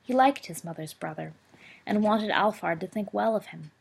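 A woman reading a story aloud as a narrator, in a steady, expressive way. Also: medium pitch, moderate pace, vocal fry, slightly rough. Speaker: audiobook reader.

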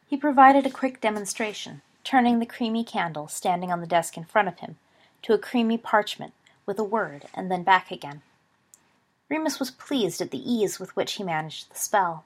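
A woman narrating a story in a steady, even reading voice. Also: medium pitch, moderate pace.

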